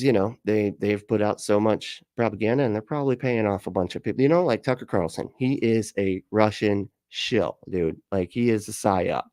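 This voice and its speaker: A man's voice: fairly low pitch, a little mellow, dry recording, clean studio sound. A man giving casual commentary, reading chat comments aloud and reacting in a profane, rambling, sarcastic way, laughing often. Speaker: video commentator.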